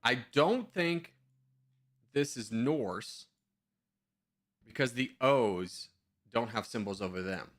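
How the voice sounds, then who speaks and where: Chatty, lively male streamer. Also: mid-range voice, takes it slowly, long pauses, soft background music. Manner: thinks aloud, chatty, self-mocking. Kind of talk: casual live-stream commentary.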